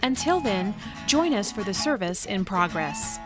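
Woman, church broadcast announcer, scripted, mid-pitched, loud music behind. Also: very animated, a little slow.

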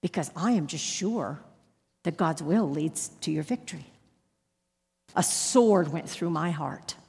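Husky woman preaching in a reverberant hall. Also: low voice, lively intonation, unhurried. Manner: emphatic storytelling with sudden loud rises. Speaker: Bible teacher. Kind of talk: sermon with personal story.

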